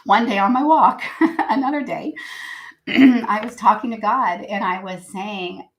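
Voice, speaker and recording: A woman's voice: mid-range voice, a little slow, poor audio. A woman guest on a podcast, telling a personal story earnestly and reflectively, with many fillers. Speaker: guest, writer and editor.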